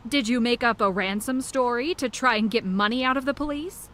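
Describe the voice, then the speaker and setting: A woman's voice: on the high side, brisk, a bit bright, lightly acted. A woman voicing a probing young woman detective. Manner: direct, probing. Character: sharp young woman detective questioning suspects. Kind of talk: video game voice acting.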